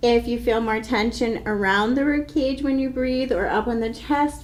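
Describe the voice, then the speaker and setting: A woman guiding a yoga class with slow, calm, soothing instructions. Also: mid-range voice, roomy sound, slight background noise.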